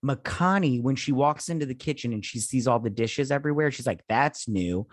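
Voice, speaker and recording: A man's voice: mid-range voice, a little fast, dry recording. Drunk rambling man, dry close sound. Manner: rambling, swearing, trailing off. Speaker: podcast co-host. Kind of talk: casual movie-review chat.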